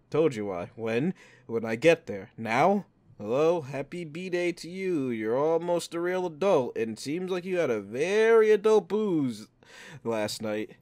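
Slow-talking, laughing gamer man. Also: mid-range voice. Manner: laughs often, swears freely, reads messages aloud in a flat voice. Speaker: gaming YouTuber. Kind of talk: casual let's-play commentary, reading in-game text messages aloud.

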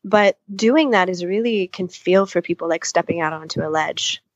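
A woman's voice: fairly low pitch, normal speed, dry recording, highs cut off. A woman couples therapist answering interview questions at length, thoughtful, often voicing what clients might say to themselves. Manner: thoughtful, explains at length with spoken-out inner voices.

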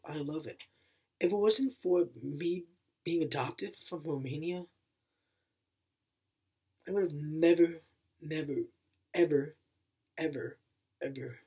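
With a fairly high, dark-toned, slightly rough voice, the channel owner addresses the camera in an emotional thank-you vlog. He's earnest and repetitive, circling back to the same phrases as his voice wavers and catches.

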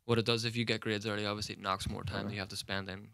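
A young man with a Northern Irish accent, talking quickly and laughing easily as he hosts a loose podcast chat. His voice is close and dry, with no room sound. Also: on the low side, level tone, vocal fry, bright, forceful tone, clean tone, dry recording. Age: 20s. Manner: laughing, joking banter. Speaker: podcast host. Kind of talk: casual chat.

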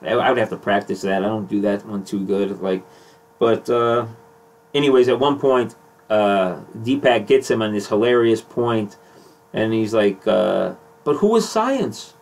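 A man's voice: fairly low pitch, fairly even intonation, measured pace, a little mellow, recorded from a distance. A young man hosting a podcast in a casual, joking chat, rambling and laughing often. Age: young adult. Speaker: podcast host.

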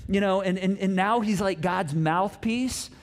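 A middle-aged pastor preaches a casual, conversational sermon at a slightly slow pace, his high-sitting voice swinging from loud emphasis to near-quiet musing. He leans into the story with animated storytelling, jokes and playful asides, and wide swings in pitch and loudness.

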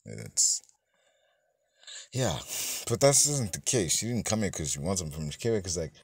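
A man's voice: deep voice, very animated, moderate pace, creaky, darkish tone, husky, dry recording, clean studio sound. A man giving a rambling, profane, casual movie review, full of fillers and self-corrections, acting out bits of dialogue as he goes. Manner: acts out characters' lines in snippets.

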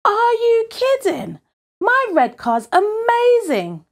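A woman's voice: medium pitch, very animated, measured pace. A woman voicing a proud, stubborn young boy in a read-aloud picture book, boastful and indignant.

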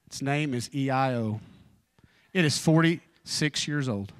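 A man in his forties preaching an evening church sermon, telling personal stories informally with joking asides, and dropping low and fervent in prayer. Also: measured pace, no room sound, studio quality. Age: 40s.

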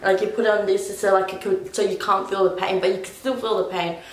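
A woman's voice: medium pitch, steady tone, a little fast. A young woman casually telling a personal story as a vlogger, rambling with lots of "like". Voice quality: rambling, full of "like". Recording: echoey room.

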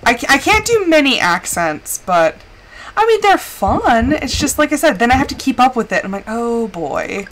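A woman's voice: sits high, big pitch swings, normal speed, fairly bright tone, a little hiss or hum. A woman streamer chatting casually while playing a game, rambling with lots of filler words. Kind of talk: casual gameplay chat.

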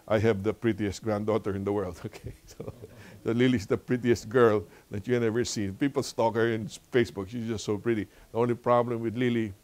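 An older man with a Filipino accent leading a church Bible lesson, telling stories with lively, preacherly repetition. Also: fairly low pitch. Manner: animated storytelling, laughs often. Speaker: Bible study teacher.

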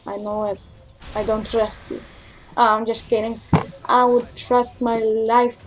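A woman commentating her own video game match, excitable and profane, trash-talking and bursting into shrieks. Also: fairly high pitch, unhurried, faint music behind. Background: faint keyboard and mouse clicking.

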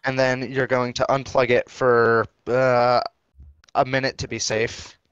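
A young man on a voice chat, patient and instructive as he explains tech steps one at a time. His voice sits at an ordinary pitch and comes through dry, with little room sound. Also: level tone, unhurried, a bit bright, clean tone, dry recording, lo-fi sound. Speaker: friend giving tech support on a voice call. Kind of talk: casual call.

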